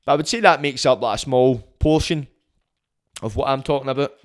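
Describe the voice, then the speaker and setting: A man's voice: medium pitch, a little fast. Blunt, sweary Scottish man ranting. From Scotland. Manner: blunt and sweary, heated rants. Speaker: podcast host. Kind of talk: casual opinionated monologue.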